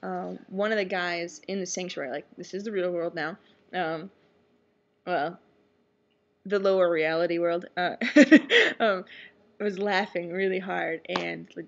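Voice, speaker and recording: A woman's voice: lowish voice, fairly even intonation, a little slow, creaky. A young woman telling a rambling personal story in a casual vlog, full of fillers and little asides. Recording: dull lo-fi webcam audio.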